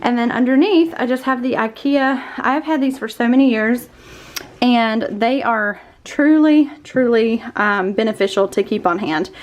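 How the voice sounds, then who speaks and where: A woman's voice: on the high side, fairly quick, few pauses. Winded woman giving a home tour. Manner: chatty, warm-hearted tour guide walking through the room. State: winded, out of breath. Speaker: homeschooling mom vlogger. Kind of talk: casual room-tour vlog. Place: indoor room in a family home.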